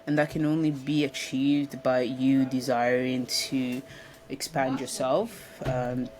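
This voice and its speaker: A woman's voice: very deep voice, flat delivery, takes it slowly. A woman giving a casual spiritual self-development talk in a room, speaking reflectively with frequent restarts and ums. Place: indoor room.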